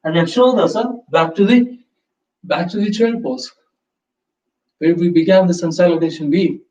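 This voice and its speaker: Guy teaching yoga live, fairly high voice, calm slow cues, echoey room, kinda muffled. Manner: calm, slow step-by-step cues with breath prompts. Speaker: yoga instructor. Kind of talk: live yoga class instruction. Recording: roomy, distant, slightly dull sound.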